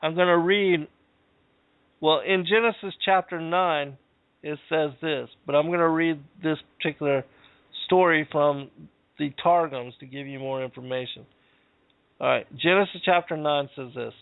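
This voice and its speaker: A man hosting a talk show, reading scripture passages aloud and commenting on them in a measured way. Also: on the high side, fairly even intonation, creaky, clean tone, no room sound. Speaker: podcast host. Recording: dry phone-like audio.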